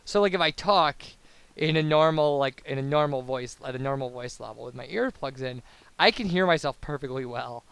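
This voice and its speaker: A man's voice: mid-range voice, a little fast, vocal fry, a bit bright, clean tone, no echo. A young man rambling casually as a let's play commentator, babbling through tangents with lots of fillers. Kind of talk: casual post-commentary chat over gameplay.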